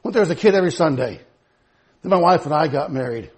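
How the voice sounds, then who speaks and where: A pastor preaching a sermon to his church, moving from low, quiet passages to loud, high, laughing emphasis. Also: animated, fast, slightly rough.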